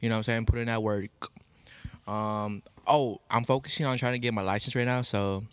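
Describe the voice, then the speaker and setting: A man's voice: mid-range voice, steady tone, a little fast, smooth, no room sound. An eighteen-year-old man chatting casually with friends in a laid-back, slangy way. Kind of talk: casual chat among friends.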